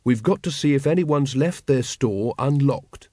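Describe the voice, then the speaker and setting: A man's voice: mid-range voice, unhurried, mellow, dry recording, studio quality, close to an everyday voice. A man voicing a zealous, earnest young recruit who takes everything literally.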